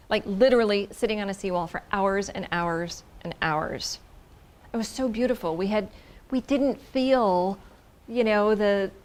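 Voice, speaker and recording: Effusive woman telling a personal story. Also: medium pitch. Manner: expressive, effusive, repeats words for emphasis, drops into whispers.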